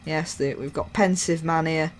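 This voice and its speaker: A man chatting through a train game in a loose, joking, self-mocking way. His voice sits a little high. Faint game sounds run underneath. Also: fairly even intonation, normal speed, slight background noise. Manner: rambling, jokey, self-mocking. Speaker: gaming YouTuber. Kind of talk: casual gameplay commentary.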